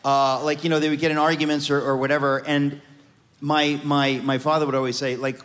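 A man from the United States, a guest author telling his life story on stage in an animated, joking way. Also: fairly high pitch, brisk, long reverb tail.

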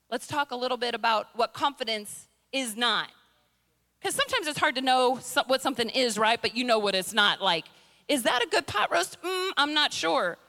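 Bright, high-voiced woman preaching. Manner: humorous, conversational, playful impressions. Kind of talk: sermon. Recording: long reverb in a large hall.

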